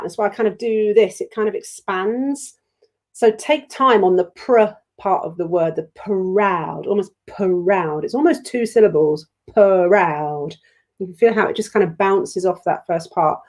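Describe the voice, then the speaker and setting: British woman, choir leader, gentle encouraging teacher, mid-range pitch. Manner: gentle and encouraging, sings short lines to demonstrate. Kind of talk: online choir rehearsal teaching.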